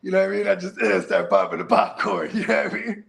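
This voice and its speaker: A man hosts a casual podcast chat, his voice heavily gravelly and fried and sitting somewhat high. He rambles loosely and swears freely, leaning on fillers. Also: steady tone, fast talker, a bit bright. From San Francisco Bay Area. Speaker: podcast host.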